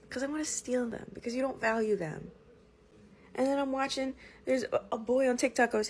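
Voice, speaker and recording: A woman's voice: medium pitch, lively intonation, normal speed, a little mellow, a little hiss or hum. A young woman, ranting comedically to her phone camera in a brash, profane, riffing way. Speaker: TikTok comedian. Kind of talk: casual comedic rant to camera.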